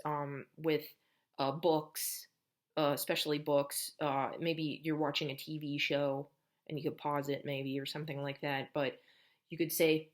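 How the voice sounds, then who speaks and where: A woman's voice: deep voice, fairly even intonation, normal speed. A woman speech teacher explaining patiently to parents, step by step, how to build a child's language at home. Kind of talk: instructional lesson for parents.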